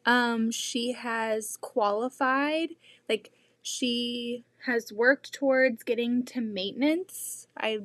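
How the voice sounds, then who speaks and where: Slow-talking woman chatting on a quilting live stream. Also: a little high, steady tone, fairly bright tone, no room sound. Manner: chatty, with frequent "like" fillers. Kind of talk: casual live stream chat. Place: home sewing room.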